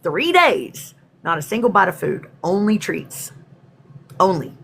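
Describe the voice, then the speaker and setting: A woman's voice: fairly low pitch, big pitch swings, unhurried, vocal fry, a little hiss or hum. A woman from Texas, hosting a spiritual livestream in a chatty, rambling way and greeting viewers by name. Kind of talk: casual livestream talk.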